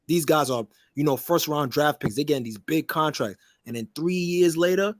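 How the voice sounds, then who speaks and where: A man's voice: fairly high pitch, normal speed, dry recording, studio quality. A man in a casual podcast chat, slangy and full of fillers, checking in with the listener over and over. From New York. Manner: slangy, full of fillers like "you dig what I'm saying".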